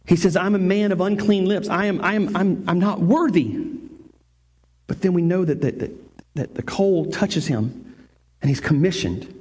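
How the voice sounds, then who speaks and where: Pastor guy with a high voice, preaching, keeps restarting and repeating himself. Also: darkish tone, slightly rough. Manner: earnest, repeats phrases and restarts, rising and falling emphasis. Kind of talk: sermon.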